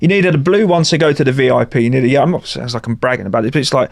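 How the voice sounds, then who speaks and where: A man's voice: medium pitch, racing, creaky, no echo. A man, a session musician guest, telling anecdotes in casual podcast chat, laughing often and acting out other people's lines.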